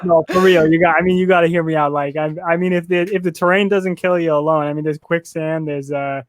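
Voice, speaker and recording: A man's voice: a little high, fairly even intonation, fast talker, no echo, clean studio sound, close to an everyday voice. A man doing chatty laid-back talking trees. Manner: casual, rambling, slangy.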